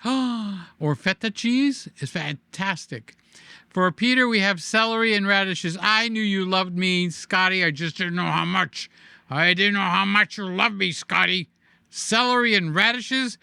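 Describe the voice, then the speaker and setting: A middle-aged man talks to camera in a loose, animated vlog style, repeating words and cracking jokes as he goes. His voice sits high and comes across bright and smooth. The sound is close and dry, as if picked up on a desk microphone. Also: dry recording. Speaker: vlogger host. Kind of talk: casual chat to camera.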